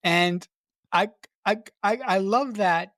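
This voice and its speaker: A podcast co-host in casual film discussion, talking haltingly with many repeated words and restarts. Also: mid-range voice, fairly bright tone, no echo, studio quality.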